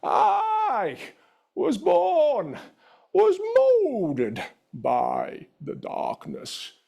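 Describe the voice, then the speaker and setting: A slow, menacing comic-book villain. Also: male voice, huge pitch swings, vocal fry, dark tone, heavily acted. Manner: slow, drawn-out, high strained menace.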